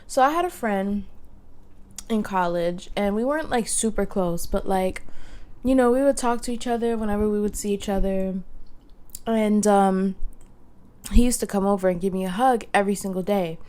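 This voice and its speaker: A woman's voice: medium pitch, normal speed, mellow. A young woman hosting a casual solo podcast, telling stories in a chatty way full of fillers. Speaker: podcast host. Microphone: podcast microphone.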